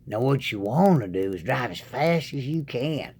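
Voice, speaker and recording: A man's voice: medium pitch, lively intonation, moderate pace, darkish tone, husky. A man voicing a folksy, foolish rural man with a Southern American drawl, bossy and drawling. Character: folksy rural man, a know-it-all fool.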